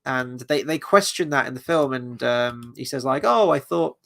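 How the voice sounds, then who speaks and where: A man's voice: mid-range voice, steady tone, moderate pace, sharp tone. A man giving a casual spoken film review, rambling and hesitant, often correcting himself and stopping on fillers.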